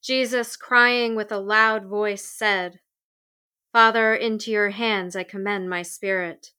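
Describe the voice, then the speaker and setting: A woman reading scripture and a prayer in a solemn, measured way. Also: medium pitch, steady tone, sharp tone, smooth. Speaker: liturgy reader.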